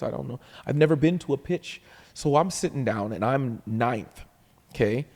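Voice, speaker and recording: A man from Canada, a comedian guest telling an animated anecdote, acting out the voices of others and often laughing. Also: mid-range voice, moderate pace, long reverb tail. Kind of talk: storytelling anecdote.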